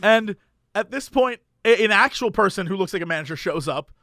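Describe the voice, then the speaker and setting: Podcast guy with a really high bright voice, acts out the people in his stories. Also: a little fast, no echo, clean studio sound. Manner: animated, acts out voices in anecdotes, laughs while telling. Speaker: podcast co-host. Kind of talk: casual storytelling chat.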